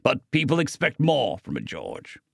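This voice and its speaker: A man narrating an audiobook, voicing a sturdy, patient older father who explains things calmly. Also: fairly high pitch, normal speed, no room sound, studio quality, voice pushed up.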